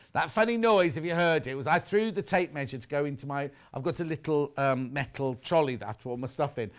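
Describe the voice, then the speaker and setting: A man's voice: a little high, normal speed, pauses often. A middle-aged man presenting fabrics on a live shopping show, chatty and teasing. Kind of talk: live sales presentation with chat.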